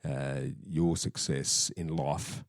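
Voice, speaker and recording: A man's voice: a bass voice, steady tone, slow, creaky, no room sound, clean studio sound. A man hosting a podcast, with encouraging replies and questions for his guest. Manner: encouraging, brief agreeing replies. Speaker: podcast host. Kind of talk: interview questions.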